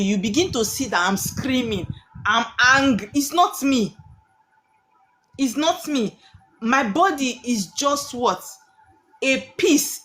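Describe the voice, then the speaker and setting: A woman's voice: on the high side, fairly bright tone. A woman, hosting a live stream and teaching with emphatic rhetorical questions that she answers herself.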